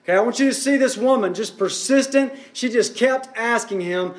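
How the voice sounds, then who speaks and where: A man's voice: very high-pitched, moderate pace, roomy sound. A man preaching a sermon as pastor, building up and easing off in intensity. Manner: preaching with rising and falling intensity.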